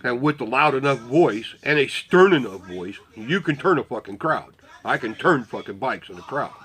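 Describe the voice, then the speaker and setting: A man's voice: medium pitch, lively intonation, moderate pace, fairly bright tone, husky. A man in a casual storytelling mood, his talk packed with swearing and loose asides. He keeps slipping into quoted back-and-forth dialogue while recounting events. His voice sits in an ordinary middle register. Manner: profane, rambling, swears constantly; quotes himself and others in dialogue. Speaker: volunteer telling a story.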